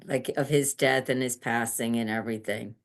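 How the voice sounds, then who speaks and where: A middle-aged woman answering interview questions gently, halting and restarting as she talks. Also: very deep voice, steady tone. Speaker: interview guest, end-of-life doula.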